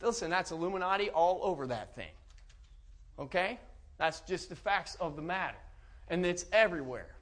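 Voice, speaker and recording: A man preaching a sermon to a congregation. He talks emphatically and repeats and restarts his words, rising at times to loud preaching. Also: high-pitched, animated, normal speed. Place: church.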